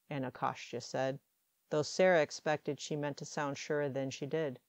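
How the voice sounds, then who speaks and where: A woman reading fan fiction aloud as an audiobook, calm and measured. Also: low-pitched, no echo, lo-fi sound. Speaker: audiobook reader.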